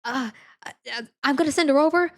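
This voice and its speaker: A woman putting on a frantic concession worker, bee-panicked, repeating herself, higher voice. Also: fast, natural voice. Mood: hurried. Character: frazzled female drink-stand worker overwhelmed by bees.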